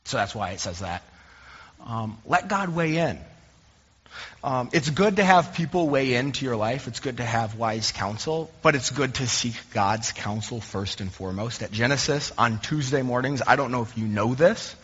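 Pastor, young adult male, conversational sermon delivery with self-deprecating humor, husky tone, muffled long-reverb room. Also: medium pitch, expressive, moderate pace, fairly bright tone. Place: church sanctuary. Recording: dull recording in a reverberant hall.

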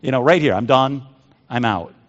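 Animated male preacher in a reverberant hall. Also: mid-range voice, moderate pace. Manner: dramatic, animated, swings from loud to soft. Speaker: pastor. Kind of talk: sermon. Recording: dull sound, long hall reverb.

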